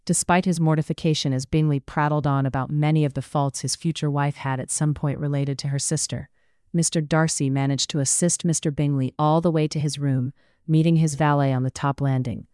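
A narrator telling a period novel in a measured, even manner. The voice is smooth and clear, and the recording is close and dry with no room echo. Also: medium pitch. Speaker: audiobook narrator.

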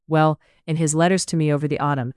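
A narrator voicing an earnest, caring young woman in a read-aloud story, with a smooth voice. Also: mid-range voice, fairly even intonation, fast talker, no echo, studio quality, close to an everyday voice. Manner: earnest, gentle. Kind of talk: audiobook character reading.

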